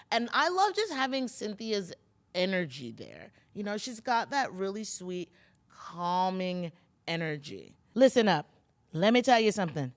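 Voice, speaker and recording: A woman's voice: medium pitch, a bit bright. A woman hosting a casual podcast, recapping reality TV in a chatty, gossipy way and talking straight to her listeners. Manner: chatty, gossipy, lots of fillers and asides to listeners. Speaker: pop culture podcast host.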